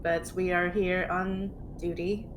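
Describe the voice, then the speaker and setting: A woman's voice: fairly low pitch, little pitch movement, takes it slowly, a little hiss or hum, poor audio. A woman playing a tabletop game, describing her character in a matter-of-fact way. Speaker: player. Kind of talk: tabletop role-play.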